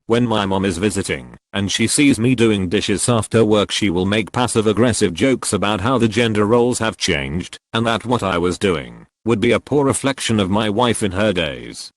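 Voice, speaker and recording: Guy reading forum posts out loud, lowish voice, really animated intonation. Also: moderate pace, few pauses, no room sound. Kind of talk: scripted narration of online posts.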